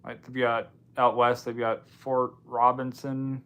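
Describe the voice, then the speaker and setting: A man hosting a relaxed livestream, chatting loosely and answering viewers with dry little asides. His voice sits at an ordinary middle pitch and he talks straight into a home streaming mic. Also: slow, smooth. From Washington State, US. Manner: loose and offhand, with frequent ums and dry asides. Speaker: livestream host. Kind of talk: casual live chat reading viewer comments.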